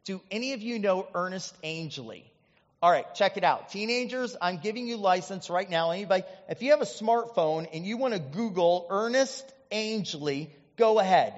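A high-voiced Midwestern pastor from Indiana tells stories from the pulpit in a chatty, animated manner packed with asides. A long church-hall echo surrounds him, and the audio is dull.

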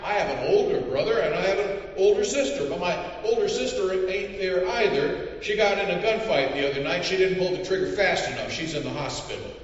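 A man's voice: sits high, fairly quick, hardly any pauses, very echoey, in a large hall, far from the mic, muffled recording, voice pushed up, natural voice. A man voicing a laconic backwoods mountain boy who answers plainly and bluntly. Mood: deadpan.

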